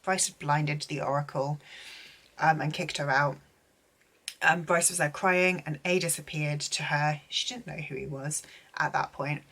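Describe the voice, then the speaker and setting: A woman's voice: low-pitched, fairly even intonation, measured pace, a bit bright, slightly rough. A young woman giving a casual, gushing book recap, full of filler words. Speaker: book vlogger.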